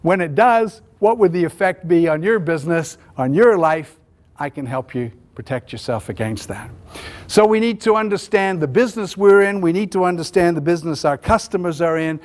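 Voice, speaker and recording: A middle-aged man from New Zealand gives a business talk in a relaxed, conversational manner. He tells stories and acts out both sides of each exchange. His voice sits a little high for a man. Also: normal speed. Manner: anecdotal, conversational, acts out dialogue. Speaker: business speaker. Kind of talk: storytelling talk to an audience.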